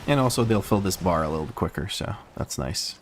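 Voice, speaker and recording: Male streamer, American accent, slightly low-pitched, easygoing running commentary over gameplay. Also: animated, brisk, slight background noise. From Croatia. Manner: easygoing, explains as he plays.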